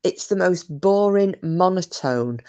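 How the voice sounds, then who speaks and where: A woman's voice: fairly low pitch, expressive, a little slow, mellow, lo-fi sound. A woman hosting a live stream, chatting casually, reading out comments and talking bluntly with plenty of swearing. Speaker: livestream host.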